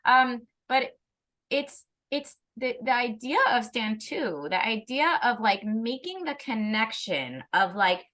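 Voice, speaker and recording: A woman speaks as a parenting educator in an unscripted conversation. Her voice sits a little high and comes across bright and forceful. She talks in an animated way, often restarts her sentences and laughs as she goes. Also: slow pace. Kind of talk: casual conversation.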